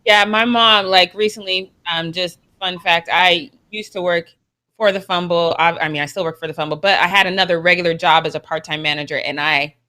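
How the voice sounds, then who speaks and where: Co-hosting a sports show, a young adult woman with a lowish voice chats briskly and casually, sounding expressive and emphatic and laughing often.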